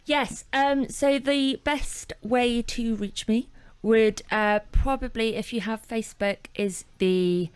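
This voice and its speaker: Woman in her 20s, from England, studio guest; unhurried, filler-heavy delivery, smooth and crisp. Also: a little high, no echo. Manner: hesitant, many fillers. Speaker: interview guest. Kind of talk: radio interview answers. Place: radio studio.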